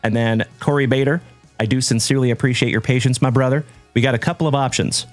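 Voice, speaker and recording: A man's voice: mid-range voice, fairly even intonation, quick pace, faint music behind. Hearty man hosting a card-break stream. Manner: hearty, shout-outs full of "my brother" and "my man". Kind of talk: upbeat livestream chat with viewers.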